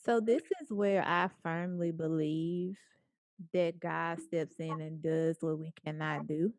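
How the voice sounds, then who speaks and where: A woman speaker telling a story to a small group in a lively, playful way, acting out the lines of the people in it. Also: deep voice, slow, no echo, clean studio sound. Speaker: guest speaker.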